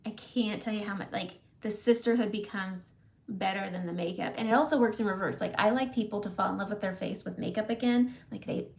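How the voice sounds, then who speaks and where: Woman vlogger, casual heartfelt talk to camera, teary and laughing by turns, mid-pitched voice. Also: fairly quick, gravelly. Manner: emotional, tearful at times, laughs often. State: close to tears. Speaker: makeup vlogger.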